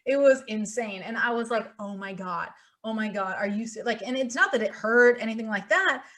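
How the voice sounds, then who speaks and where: A young woman hosting a podcast, telling a story in a lively, animated way and acting out her own thoughts. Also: on the high side, moderate pace. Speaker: podcast host. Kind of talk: casual chat.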